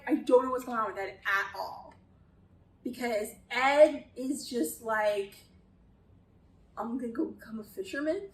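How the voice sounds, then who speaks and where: Woman, high voice, casual critique, chatty and exasperated, roomy distant sound. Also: a little hiss or hum. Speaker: video essayist.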